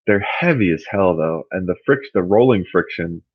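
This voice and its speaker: A man hosting a casual livestream, rambling and thinking out loud as he answers his chat. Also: low-pitched, animated, moderate pace, slightly rough, no echo, dull audio. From California.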